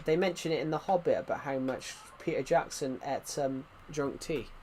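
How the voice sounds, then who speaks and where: A man's voice: on the high side, moderate pace, darkish tone, slight background noise. A man giving casual, rambling commentary while playing a video game, chatting and drifting onto side topics. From Britain. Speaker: gaming channel host.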